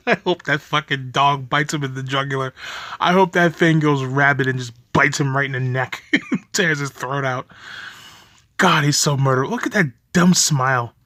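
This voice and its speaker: A man's voice: medium pitch, moderate pace, sharp tone, no echo, studio quality. A young man giving angry reaction commentary on a video, ranting profanely and laughing bitterly as he talks.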